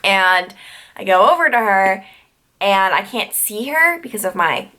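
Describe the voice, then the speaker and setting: A woman's voice: mid-range voice, lively intonation, a little slow, bright, forceful tone. A young woman from New York tells a story to her vlog audience in a loose, chatty way. She keeps dropping in "like" and wandering off on tangents before finding her way back. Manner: chatty, full of "like" fillers and tangents. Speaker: YouTuber.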